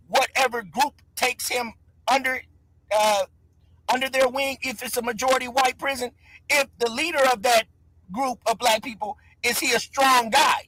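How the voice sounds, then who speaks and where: A man's voice: very high-pitched, pushed and bright, no echo, low-quality recording. A man hosting a casual livestream chat, talking loosely and hyping up his viewers. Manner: loose, conversational, hypes the chat. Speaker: livestream host.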